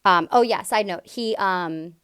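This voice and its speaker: A woman's voice: medium pitch, measured pace, fairly bright tone, clean tone, dry recording, studio quality. A woman in her young adult years telling a personal story to camera, emphatic and candid, full of asides. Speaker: vlogger sharing a personal story.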